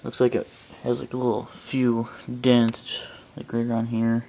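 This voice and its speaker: A man's voice: mid-range voice, completely flat delivery, creaky, warm tone, a little hiss or hum. Rambling, cursing man in his garage. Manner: rambling, profane, halting with fillers. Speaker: DIY vlogger. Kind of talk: casual how-to commentary. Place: garage with a car, indoors.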